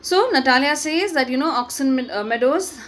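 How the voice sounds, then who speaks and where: A woman's voice: high-pitched, lively intonation, normal speed, fairly bright tone. A woman teacher explaining a play, repeating points and checking with "okay". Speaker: English teacher. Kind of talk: explaining a play in an online lesson.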